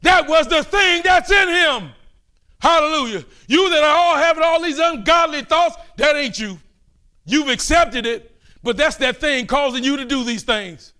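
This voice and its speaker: An older man preaching a fervent sermon, calling out and pleading with his listeners between quieter asides. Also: very high-pitched, lively intonation, normal speed.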